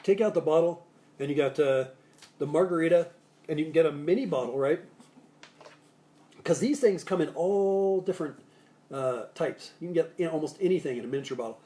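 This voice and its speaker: A man's voice: a little high, brisk, pauses often, dark tone, a little hiss or hum. A man hosting a live cocktail show, chatting casually and jokily, rambling with restarts and asides as he gives bartending tips. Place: Salt Lake City area.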